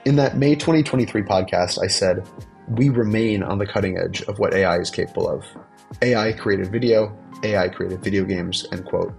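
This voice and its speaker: A man's voice: lowish voice, normal speed, vocal fry, faint music behind. A man hosting a podcast, his voice nasal from a cold, talking in an articulate, enthusiastic way. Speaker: podcast host. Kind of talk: podcast intro and interview.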